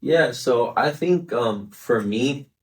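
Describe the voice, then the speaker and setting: A man's voice: mid-range voice, expressive, slow pace, far from the mic. A man in his twenties, a podcast interview guest, talking earnestly in a casual way and often checking in with "right?" and "you know". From Chicago area, United States. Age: 20s.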